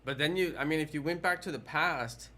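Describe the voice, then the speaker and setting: A man's voice: fairly high pitch, fairly quick, bright, forceful tone, a little hiss or hum. A man casually chatting with viewers during a game live stream, rambling and playful.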